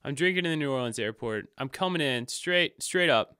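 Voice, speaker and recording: A young man co-hosting a casual sports chat, excitable and rambling, with frequent restarts. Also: on the high side, fairly quick, clean tone, no echo, studio quality. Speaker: podcast co-host.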